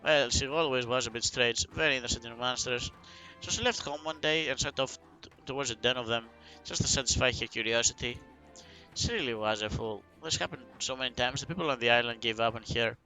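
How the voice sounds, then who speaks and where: A man's voice: medium pitch, a little fast, pushed and bright, soft background music, poor audio. A man putting on a somber grieving islander. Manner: reading game dialogue aloud, somber. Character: grieving gruff island man, bitter about his sister.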